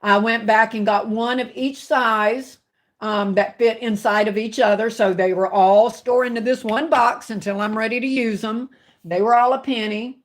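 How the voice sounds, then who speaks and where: Southern woman livestreamer with a country twang, higher-pitched, talks to viewers like family. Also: steady tone, normal speed. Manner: chatty, warm with viewers, calls them baby and honey. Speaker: livestream host. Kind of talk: casual live chat reading viewer comments.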